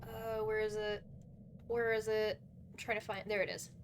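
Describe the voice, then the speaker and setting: A woman's voice: mid-range voice, completely flat delivery, moderate pace, slight background noise. A woman streaming a game, chatting casually, flustered and swearing as she talks. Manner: swearing, flustered, laughing often.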